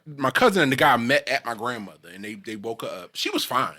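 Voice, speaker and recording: A man's voice: mid-range voice, fairly quick, no room sound. A man co-hosting a podcast, telling a long funny story in casual chat and breaking into laughter as he goes. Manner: animated, laughs through his story. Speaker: podcast co-host.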